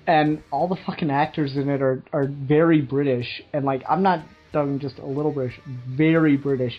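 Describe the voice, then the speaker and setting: A man co-hosting a podcast in casual chat, rambling, laughing and swearing casually. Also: on the high side. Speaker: podcast co-host. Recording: dull lo-fi recording with faint music.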